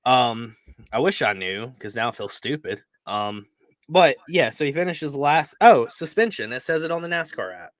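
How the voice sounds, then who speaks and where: Bright-voiced laid-back man. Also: medium pitch, lively intonation, moderate pace, dry recording. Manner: laid-back, many fillers. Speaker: podcast co-host. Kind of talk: casual chat.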